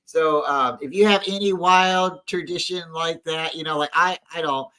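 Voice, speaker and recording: A man's voice: a little high, steady tone, moderate pace, sharp tone, clear, resonant tone, rough recording. A man co-hosting a casual sports fan show, telling rambling stories with many restarts. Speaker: podcast co-host.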